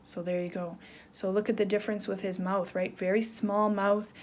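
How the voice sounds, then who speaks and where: A woman teacher giving a playful, animated lesson to young children, checking in with "right?" as she draws. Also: mid-range voice, moderate pace. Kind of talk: children's lesson, drawing along.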